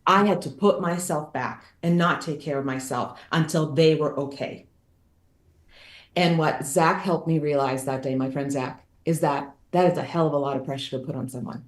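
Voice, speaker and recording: A woman's voice: deep voice, moderate pace, reverberant. A woman guest author tells a personal story, candid and emphatic, repeating phrases for effect.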